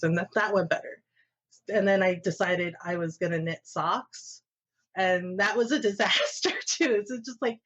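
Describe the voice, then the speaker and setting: A woman's voice: medium pitch, fairly bright tone, lo-fi sound. A woman guest on a podcast, telling personal anecdotes in a casual way and laughing often as she talks. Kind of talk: casual storytelling.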